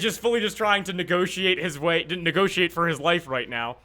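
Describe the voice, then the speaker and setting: A man's voice: sits high, a little fast, few pauses, bright, forceful tone. A man narrating as game master, rambling with many fillers and restarts.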